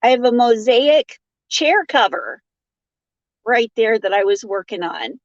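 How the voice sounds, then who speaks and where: A woman with a fairly high voice and lively intonation takes her time chatting through a casual crochet stream, laughing and greeting viewers by name as she reads what they write. The phone recording is dull and lo-fi, with no room sound.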